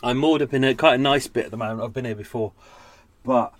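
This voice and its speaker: A man's voice: medium pitch, fast. A man hosting a podcast, chatting casually and unscripted while making tea on his boat. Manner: rambling, chatty, yawning, talking while doing chores. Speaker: podcast host. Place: narrowboat cabin.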